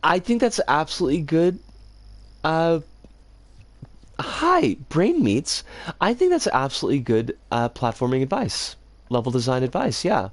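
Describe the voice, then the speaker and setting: While streaming a game, a woman gives casual live commentary in a low, sing-song voice at a moderate pace, with no echo. She rambles in a relaxed way and breaks into frustrated outbursts.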